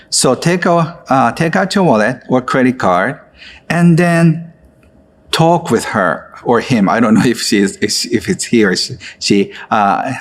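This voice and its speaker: A man who leads a guided exercise in an online course, speaking gently and coaxingly with frequent filler words. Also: fairly low pitch. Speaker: course instructor.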